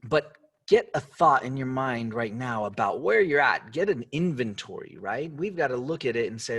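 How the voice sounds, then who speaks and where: A man's voice: mid-range voice, very animated, normal speed, few pauses, a bit bright, husky. A man hosting a motivational talk, upbeat and conversational, asking the listener many questions. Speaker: host.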